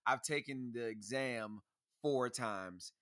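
A man's voice: mid-range voice, slow, fairly bright tone, no room sound, studio quality. A young man with a Houston accent co-hosting a casual podcast, playful and laughing often. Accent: Houston, Texas. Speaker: podcast co-host. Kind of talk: casual chat.

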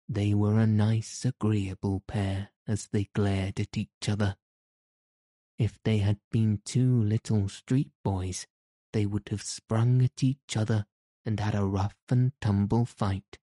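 A man reading a story aloud in measured, even scripted narration. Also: on the low side, no room sound, clean studio sound. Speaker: audiobook narrator.

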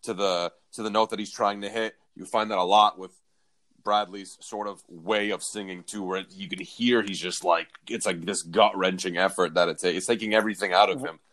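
A man's voice: low-pitched, fairly even intonation, moderate pace, fairly bright tone. A man co-hosting a casual music chat, reflective, searching for words as he explains a sound. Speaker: podcast co-host.

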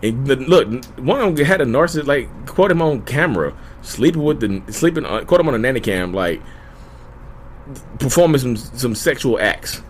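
A man's voice: medium pitch, lively intonation, moderate pace, slight background noise. A man hosting his own channel, giving casual, earnest advice that circles back and repeats itself, calling his listeners y'all. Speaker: YouTube host. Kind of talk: casual direct-to-camera advice talk.

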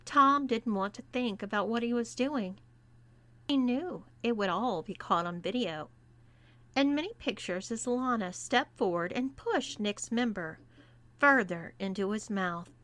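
A woman reading a scripted story aloud as narrator, in a deliberate manner. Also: fairly high pitch, animated, sharp tone. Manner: slow and deliberate. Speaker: erotica reader.

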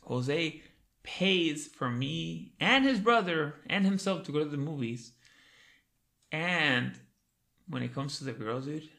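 A man's voice: fairly high pitch, expressive, slow, vocal fry, sharp tone. A young man hosting a casual podcast, telling stories with a lot of swearing and "dude" after every few words. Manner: profane, says "dude" constantly. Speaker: podcast host. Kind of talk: casual storytelling chat.

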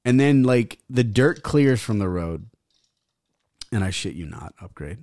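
A man's voice: on the low side, expressive, unhurried, a little mellow, no room sound. A young adult man, a guest rapper, telling a rambling, profane story in casual talk. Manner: profane, rambling, laughs as he talks.

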